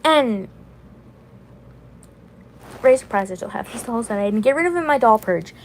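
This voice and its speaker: A woman's voice: on the high side, expressive, normal speed, slight background noise, rough recording. A woman in her twenties chatting casually on a livestream, rambling and repeating herself. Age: 20s. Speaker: vlogger.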